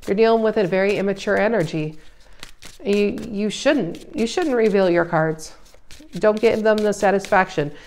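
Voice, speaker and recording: A woman giving a casual tarot reading, emphatic and animated, her voice rising loud and dropping soft. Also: mid-range voice, normal speed, a little hiss or hum. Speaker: tarot reader.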